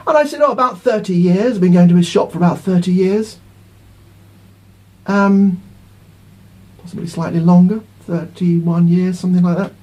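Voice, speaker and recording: High-voiced indignant man ranting. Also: moderate pace, pauses often, warm tone. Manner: indignant, rambling, repeats himself. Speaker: vlogger. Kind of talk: ranting monologue to camera.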